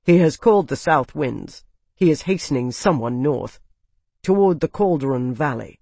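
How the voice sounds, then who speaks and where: A narrator voicing a shrewd male advisor who speaks calmly and precisely, quietly cutting. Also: mid-range voice, moderate pace, gravelly, slightly rough, no room sound. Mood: composed.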